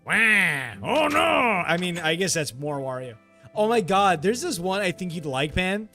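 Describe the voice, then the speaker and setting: Excitable streamer man with a lively voice. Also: high-pitched, moderate pace, soft background music. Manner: excitable, laughs often, reads chat aloud. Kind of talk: casual late-night live stream chat.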